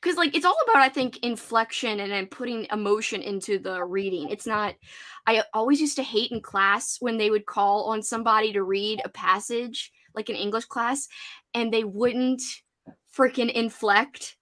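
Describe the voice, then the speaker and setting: A woman's voice: fairly high pitch, moderate pace, a bit bright. A young woman with a subdued Louisiana accent, chatting casually and laughing often, with lots of fillers. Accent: American, Louisiana. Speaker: host. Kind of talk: casual chat.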